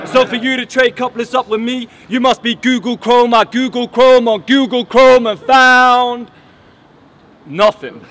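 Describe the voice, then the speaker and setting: A man's voice: high voice, fairly bright tone, a little hiss or hum. A man from England delivering mocking, boastful battle rap punchlines outdoors. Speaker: battle rapper. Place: outdoors at a battle event under a bridge.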